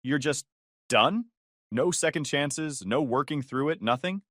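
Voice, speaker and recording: A man's voice: a little high, animated, unhurried, a bit bright, dry recording, clean studio sound. A man voicing a young woman who sobs and pleads with her fiancé not to leave her. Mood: tearful. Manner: pleading, sobbing.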